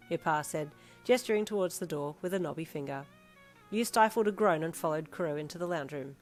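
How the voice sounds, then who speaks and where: A woman's voice: deep voice, fairly even intonation, fast talker, soft background music. A woman narrating a second-person fanfiction story and chatting to viewers at the end.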